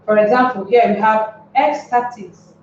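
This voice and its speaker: A woman teaching a grammar lesson, speaking slowly and deliberately and putting rhetorical questions to the class. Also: a little high, a little mellow. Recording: echoey room, distant mic, dull lo-fi sound with faint noise.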